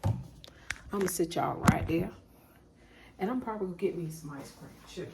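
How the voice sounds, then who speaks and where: A woman's voice: on the low side, normal speed, vocal fry, very noisy. A woman vlogging casually about her day, chatty and folksy, calling her viewers honey and child. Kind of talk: casual day-in-the-life vlog.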